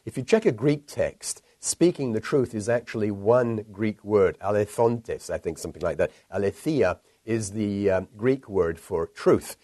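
Earnest pastor, low dry voice. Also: male voice, lively intonation, warm tone, no echo. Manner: measured, earnest, rises when reading scripture. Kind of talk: recorded sermon.

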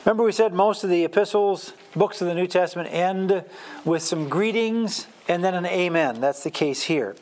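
A man's voice: high-pitched, moderate pace, darkish tone. A man from Wisconsin teaching a Bible lesson in a sermon style, emphatic and full of fillers and restarts.

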